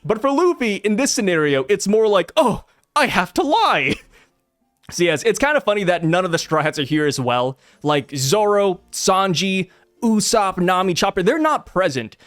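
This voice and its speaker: Excitable high-voiced young male commentator. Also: moderate pace, smooth, no room sound, studio quality, soft background music. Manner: excitable, chatty, asks viewers questions. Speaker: anime and manga commentator. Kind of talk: casual chapter breakdown.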